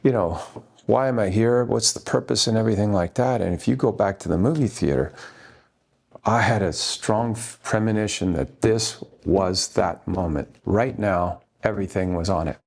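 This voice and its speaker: A man's voice: on the low side, normal speed, gravelly, darkish tone. A man being interviewed as a guest actor, telling earnest, rambling stories full of restarts. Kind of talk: anecdotal interview storytelling.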